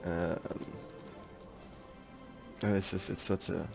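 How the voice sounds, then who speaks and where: A man's voice: low-pitched, level tone, takes it slowly, creaky, loud music behind the voice. A man giving casual gameplay commentary on a strategy game, thinking aloud in a rambling, frank way. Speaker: strategy game let's-player.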